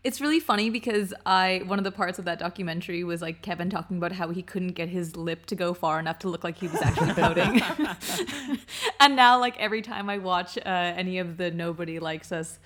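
A woman's voice: fairly low pitch, a little fast, fairly bright tone. A woman hosting a podcast, leading segments and asking questions, with lots of "like". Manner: leads segments, asks questions, uses "like" a lot. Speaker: podcast host. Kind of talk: casual chat.

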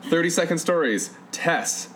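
A man hosting a casual podcast, bantering quickly and laughing often. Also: fairly high pitch, expressive, a bit bright, a little hiss or hum. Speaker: podcast host.

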